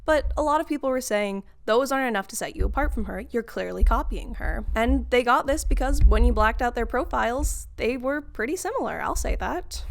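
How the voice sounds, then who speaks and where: A woman vlogger giving a casual, sarcastic rant to her viewers and laughing often. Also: a little high. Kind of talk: casual ranting monologue.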